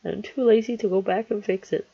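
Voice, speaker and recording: A man's voice: high-pitched, fairly even intonation, fast talker, vocal fry, dark tone, breathy edge, dry recording, lo-fi sound. A man narrating his drawing in a rambling, nervous way, full of ums and restarts, recorded on a headset mic. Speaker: artist narrating a speedpaint. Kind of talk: casual voice-over narration. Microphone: headphones with built-in mic.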